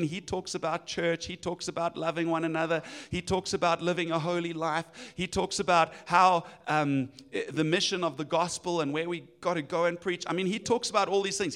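A man preaching a sermon, animated and acting out voices of people in the story. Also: fairly high pitch. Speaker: pastor.

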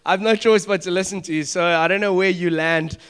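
A man's voice: sits high, brisk, clear, resonant tone. A young man preaching a sermon in a casual, conversational way, acting out little dialogues and asking the listeners direct questions. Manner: conversational, animated preaching with asides and acted-out dialogue.

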